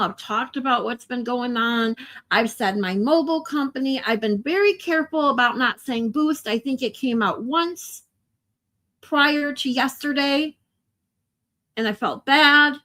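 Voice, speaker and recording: A woman's voice: high voice, unhurried, pushed and bright. A woman hosting a casual livestream, talking to viewers in an emotional, chatty way with a lot of swearing. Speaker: livestream host.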